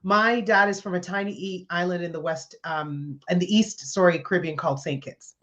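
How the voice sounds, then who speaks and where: A woman guest, a comedian, telling a funny story in conversation with lively laughter. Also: fairly low pitch, fairly quick. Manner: animated, laughing as she tells the story. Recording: slightly dull lo-fi sound.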